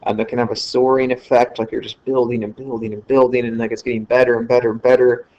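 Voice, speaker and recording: A man's voice: mid-range voice, level tone, quick pace, warm tone. A man giving a casual screen-recorded lecture, talking loosely with fillers and correcting himself as he goes. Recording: slightly dull lo-fi screen recording.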